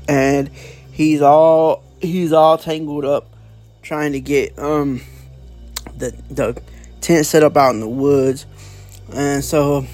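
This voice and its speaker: Rambling man, slightly high voice. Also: darkish tone. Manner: rambling, full of fillers and restarts, casual swearing. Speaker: comic book reviewer. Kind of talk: casual comic plot recap.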